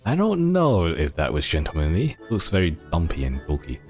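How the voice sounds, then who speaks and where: A man's voice: deep voice, huge pitch swings, moderate pace, a little mellow, soft background music. A man live-streaming a game, reacting in a chatty, wry way. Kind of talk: casual live-stream commentary.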